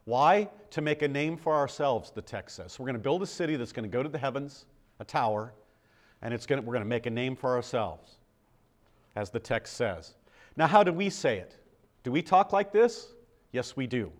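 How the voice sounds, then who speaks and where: A man's voice: mid-range voice, animated, normal speed. An older American man preaching a sermon in a conversational way, asking the congregation questions. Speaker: pastor.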